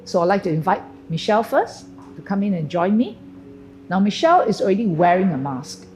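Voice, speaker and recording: A woman's voice: medium pitch, a little mellow, rough recording. Poised woman teaching polite greetings. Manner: clear, deliberate, instructive, stretches key phrases slowly. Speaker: etiquette and grooming trainer. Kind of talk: presenting a lesson on camera.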